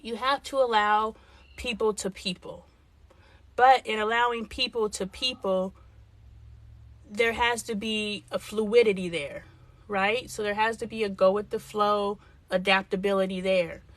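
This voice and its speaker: Middle-aged woman on a live stream, talking straight, animated, reading comments, dry close sound. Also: medium pitch, measured pace, no room sound. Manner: frank, animated, thinks aloud while reading comments. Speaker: livestream host. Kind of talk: casual livestream chat reading comments.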